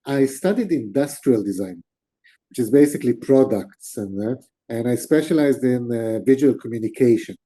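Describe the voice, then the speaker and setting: Dark-voiced man telling a story. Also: mid-range voice, moderate pace, husky. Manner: animated, gestures with hands while talking. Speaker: interview guest. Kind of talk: storytelling in conversation.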